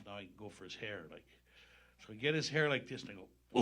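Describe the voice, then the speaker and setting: Animated man telling stories on stage. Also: lowish voice, fast talker. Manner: animated, laughing anecdotes with acted-out voices. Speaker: guest storyteller. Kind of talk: live storytelling on stage. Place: stage before a live audience.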